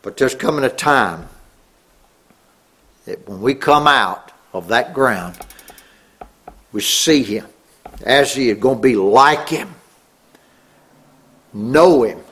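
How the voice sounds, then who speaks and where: Slow husky-voiced man preaching. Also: expressive, sharp tone. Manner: slow, earnest, swelling up on key words then dropping low. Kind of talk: sermon.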